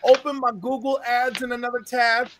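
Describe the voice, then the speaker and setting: A man on a casual chat panel who tells stories in an animated way. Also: extremely high pitch, normal speed, a little hiss or hum. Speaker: panel guest.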